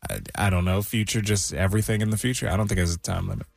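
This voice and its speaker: A man's voice: on the low side, fairly even intonation, very fast, vocal fry, dry recording, faint music behind. A man hosting a morning radio show, jokey and upbeat. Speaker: radio host.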